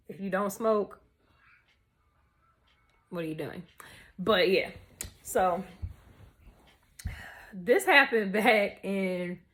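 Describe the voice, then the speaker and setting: A young woman telling a story to camera in a casual, animated, profane way, full of slang. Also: mid-range voice. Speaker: vlogger.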